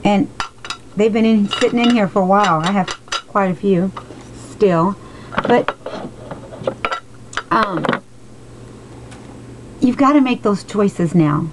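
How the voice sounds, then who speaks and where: A woman in her late forties talking slowly and emotionally in a personal vlog, encouraging her viewers. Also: mid-range voice, noisy background. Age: 40s. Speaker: vlogger. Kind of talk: heartfelt personal vlog talk.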